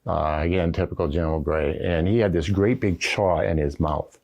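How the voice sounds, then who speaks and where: Speaking at a moderate pace, this retired Marine general has a low, slightly mellow voice with vocal fry. He's an older man trading folksy stories full of fillers like "uh" and "you know" for an oral history interview, captured on a camera with the interviewer positioned behind it.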